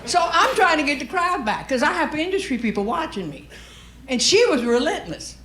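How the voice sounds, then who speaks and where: A woman's voice: high voice, very animated, moderate pace, a bit bright. A middle-aged woman from Louisiana with a Southern accent and a smoky voice, telling brash, profane stories in a stand-up comedy set on a club stage. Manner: brash, profane, storytelling delivery. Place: comedy club stage before a live audience. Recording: echoey club room.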